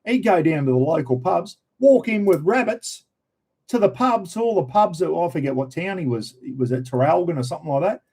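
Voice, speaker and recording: A man's voice: on the high side, lively intonation, fairly quick, darkish tone, breathy edge. A middle-aged Australian man hosting a casual livestream chat, rambling and slangy, often calling out to his viewers as everyone. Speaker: livestream host.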